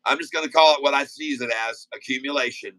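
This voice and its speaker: With a forceful, bright voice of medium pitch and fairly even intonation, this day-trading streamer talks quickly yet easygoingly, rambling through stock calls and folksy, filler-laden asides. It's a casual live-stream chat, recorded close and dry with no echo.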